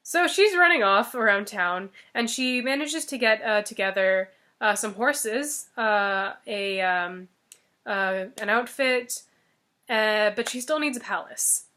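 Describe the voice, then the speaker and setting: A woman's voice: medium pitch, slow, pushed and bright. A woman casually retelling a fairy tale, joking and chatty with plenty of filler words. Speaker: storyteller.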